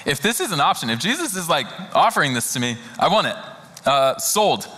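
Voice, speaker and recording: A man preaching a sermon in a conversational, earnest way, slowing down and softening when he reads scripture. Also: fairly high pitch, sing-song. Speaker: pastor. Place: church sanctuary. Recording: long reverb of a large hall.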